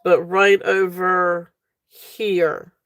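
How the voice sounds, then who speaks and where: A woman's voice: on the low side, level tone, drawn-out words, fairly bright tone. A woman from Virginia with a Southern accent, hosting a live jewelry sale in a chatty, casual way full of fillers. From South Central Virginia, USA. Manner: chatty, many fillers, thanks viewers by name. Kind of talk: casual live-stream sales talk.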